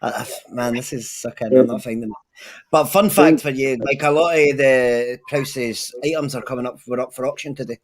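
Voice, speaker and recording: Man chatting on a stream, mid-pitched voice, swearing, slangy, enthusiastic. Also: fairly even intonation, moderate pace. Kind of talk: casual chat on a livestream.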